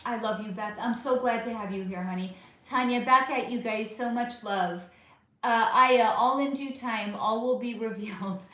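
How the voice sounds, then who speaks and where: A fairly high-pitched American woman talks casually to her livestream viewers, warm in her words and quick to curse. Her voice rings around a very echoey room. She keeps calling her audience honey as she answers their comments. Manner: affectionate, swears freely, calls viewers honey. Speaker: livestream host. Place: at home under a bright light.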